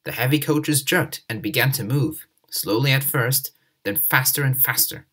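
A man reading a children's story aloud in an expressive, lively way. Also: mid-range voice, moderate pace, husky. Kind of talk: scripted narration of a children's story.

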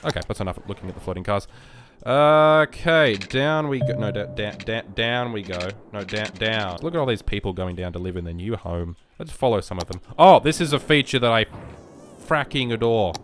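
Young man, sick, rambling gameplay commentary, jokey, sudden yells, faint hiss behind. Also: fairly low pitch, lively intonation, moderate pace. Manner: rambling and joking, with sudden loud outbursts at the game. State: sick with a virus. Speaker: gaming YouTuber.

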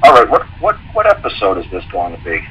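Low, husky-voiced male guest who rambles and retells stories in quotes. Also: wildly swooping pitch, fast, muffled recording. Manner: rambling, repeats himself, tells anecdotes with quoted dialogue. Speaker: guest speaker. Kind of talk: casual call-in explanation.

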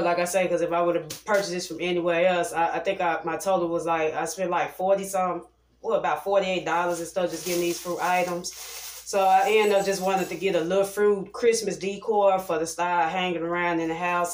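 A young woman chatting loosely to her viewers in a casual vlog and calling them y'all. She is filming herself on a handheld phone camera while out in the city, in a car and at home. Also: on the low side. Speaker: vlogger. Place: out and about in the city and riding in a car, later indoors at home. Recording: noisy phone recording with traffic behind.

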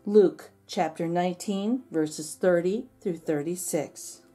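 A woman, a kindergarten teacher, reading a story aloud in an expressive, sing-song storytime manner. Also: on the low side, slow, husky.

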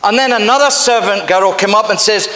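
A pastor with a Scottish accent delivers a sermon briskly, his high voice pushed and bright. His storytelling is earnest and emphatic, ringing with long reverb through the echoey church sanctuary.

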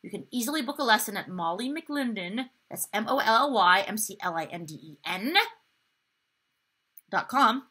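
A woman's voice: mid-range voice, expressive, normal speed, bright, forceful tone, breathy edge. A woman voice teacher giving an upbeat online singing lesson, encouraging students and demonstrating the exercises herself.

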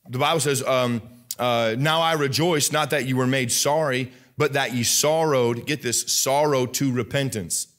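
Young male pastor, sermon delivery, emphatic rising bursts, restarts mid-sentence; mid-pitched. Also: fairly bright tone. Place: church sanctuary.

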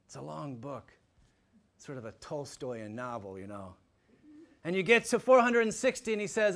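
A man giving a public lecture to a live audience, animated and emphatic, swinging from loud points to hushed asides. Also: fairly high pitch, moderate pace. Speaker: guest lecturer.

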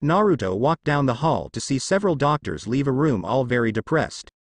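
A male narrator reads a fan fiction story aloud a little fast, plainly and steadily, with pitch that rises and falls with life. The recording is close-miked and dry, with no room sound.

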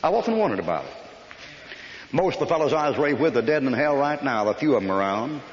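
An older American preacher telling blunt, folksy army stories in a sermon, scolding and emphatic. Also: male voice, medium pitch, very animated, quick pace. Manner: folksy storytelling with rough army anecdotes. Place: church hall. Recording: echoey hall, dull old recording.

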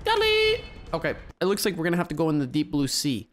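A gaming video host giving casual, excitable gameplay commentary and chatting with viewers. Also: medium pitch, rapid-fire, faint music behind.

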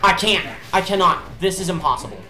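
A woman's voice: on the low side, expressive, fairly quick, bright, forceful tone. A woman giving gameplay commentary in an exasperated, ranting way, swearing often. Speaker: let's play host. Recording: roomy echo with game music behind. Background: game music.

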